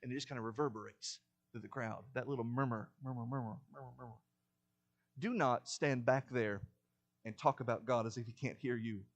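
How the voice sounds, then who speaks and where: A man preaching a sermon in a church, building to loud, urgent warnings and dropping back to a quiet explanatory tone. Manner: emphatic, rises in pitch and volume to stress warnings. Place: church sanctuary.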